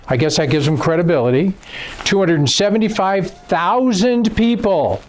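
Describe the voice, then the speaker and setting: A man giving a seminar lecture who tells stories and acts out quotes in an animated, emphatic way. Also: high voice. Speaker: seminar speaker. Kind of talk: lecture with storytelling. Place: seminar room.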